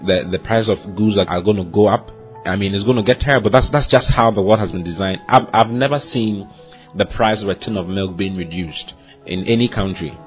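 This is a pastor hosting a brief devotional sermon in a lowish male voice at a fairly quick pace. He preaches with emphasis, repeating key phrases and often saying "you see" and "hallelujah." The recording sounds muffled, with faint music in the background.

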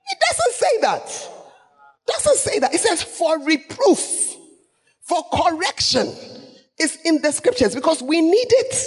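A man preaching a lively sermon, laughing often and acting out the scripture passages he quotes. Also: extremely high pitch, slightly rough. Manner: animated, laughing, acts out quotes. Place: church hall. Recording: echoey church hall.

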